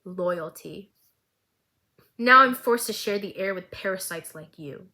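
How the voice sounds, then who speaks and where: A woman voicing a cold, menacing male crime lord who speaks with low contempt, in a cartoon recap. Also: expressive, measured pace, bright, forceful tone. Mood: contemptuous.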